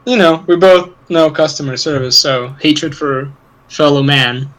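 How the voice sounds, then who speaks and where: Guy rambling on a podcast, bright voice, swears a lot, laughs a bunch. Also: a little high, fairly even intonation, unhurried, poor audio. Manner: rambling, profane, laughs often. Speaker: podcast co-host. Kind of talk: casual chat.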